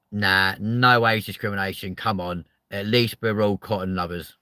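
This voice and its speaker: A man, hosting a live chat show with loud, sweary, joking banter. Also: on the low side, brisk, hardly any pauses, no room sound. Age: 30s.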